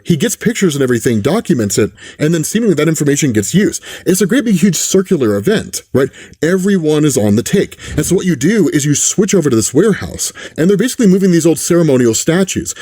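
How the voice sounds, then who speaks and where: A man talks through a comic story in casual, animated commentary, often checking in with the listener. His voice is fairly high, husky and recorded dry. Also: no room sound. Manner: animated, keeps asking "right?". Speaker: comic book reviewer.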